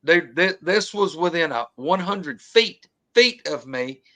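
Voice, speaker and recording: A man with a drawl recounts a tense outdoor encounter in relaxed, colloquial talk. His voice sits somewhat high for a man. He gets animated and imitates the sounds he describes. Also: slow. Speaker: guest telling an encounter story. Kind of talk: casual storytelling.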